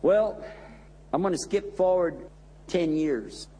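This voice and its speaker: A man's voice: high-pitched, takes it slowly, in a large hall, heavy background noise. A man, an imam, giving a sermon in an emphatic storytelling manner.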